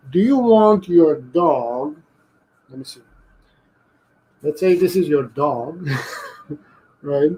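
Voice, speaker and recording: Male dog trainer on a live stream; slightly higher voice, unhurried delivery, careful explanations with frequent restarts. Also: warm tone, low-quality recording.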